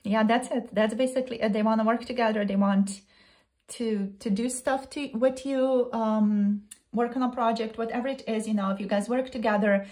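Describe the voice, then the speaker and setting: A woman giving a casual tarot reading, thinking out loud, repeating and restarting her phrases, quick to exclaim. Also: a little high, fairly even intonation. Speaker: tarot reader.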